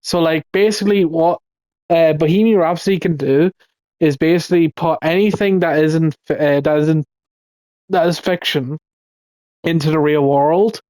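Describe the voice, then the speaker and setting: A man's voice: on the high side, fairly even intonation, moderate pace, a little mellow, no echo. A man giving casual, ranting commentary in a rambling way, swearing often and restarting his sentences. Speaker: video commentator.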